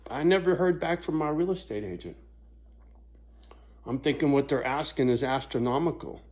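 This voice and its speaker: Middle-aged vlogger, loose and profane, rambles through an anecdote with a plain everyday voice. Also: male voice, medium pitch, normal speed, a little mellow. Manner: rambling, profane, frequent "right?" asides. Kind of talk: casual storytelling to camera.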